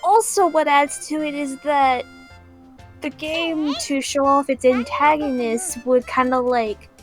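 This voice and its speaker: Woman, casual co-host, high pitch, relaxed slow chat with giggles. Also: faint music behind. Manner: chatty, giggling, animated storytelling. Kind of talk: casual chat about video game glitches.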